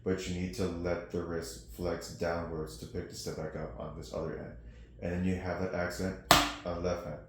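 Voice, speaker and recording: A man's voice: low voice, flat delivery, moderate pace. A man giving a snare drum lesson, explaining technique and counting out rhythms between demonstrations. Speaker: percussion teacher. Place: practice studio with drums. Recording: echoey room with loud noise.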